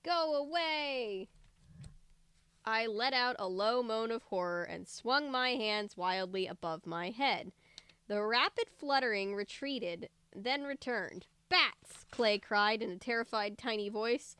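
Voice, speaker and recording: A woman's voice: mid-range voice, unhurried, a bit bright, smooth, no echo. A woman reading a book aloud on a livestream, breaking off for chatty, joking asides. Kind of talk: casual read-aloud livestream.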